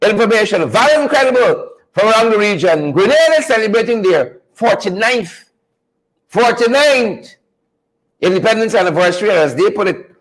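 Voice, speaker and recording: High-voiced man hosting news chat. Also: big pitch swings, normal speed, poor audio. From Guyana. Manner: folksy and preachy, repeats phrases, keeps calling out to viewers. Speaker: show host. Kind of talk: live news commentary and viewer chat.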